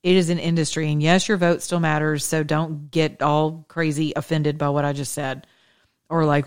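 Blunt, snarky political commentator, a woman, smooth resonant voice, emphatic casual monologue. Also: deep voice, fairly even intonation, moderate pace. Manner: emphatic, repetitive, preachy.

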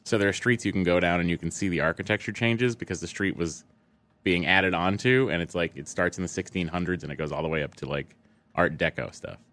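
A man from Boston chatting casually, explaining things slowly with fillers. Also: sits low, a bit bright. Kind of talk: casual chat.

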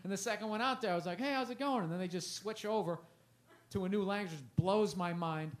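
A forties-aged comedian guest speaks fast in a high-pitched voice during a festival interview. His casual chat is loose, rambling and self-deprecating, with lots of swearing.

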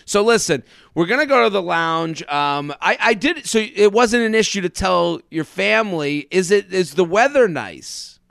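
A man hosts a casual comedy podcast, joking and rambling as he talks. His voice is high, smooth, and resonant, and the recording is dry and close. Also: animated, moderate pace, few pauses, a bit bright, no room sound. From United States. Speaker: podcast host.

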